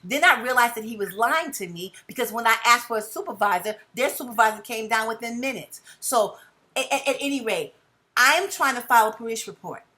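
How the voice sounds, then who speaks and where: Reporting a crime in a heated call, a woman with a high-leaning, pushed and bright voice talks briskly with lively intonation. She insists on her point, stammering and repeating herself, and keeps addressing the listener as "sir."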